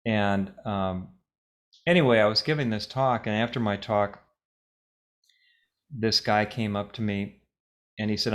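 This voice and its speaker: Low-voiced man speaking gently. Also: steady tone, measured pace, pauses often. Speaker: webinar speaker. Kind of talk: reflective talk and conversation.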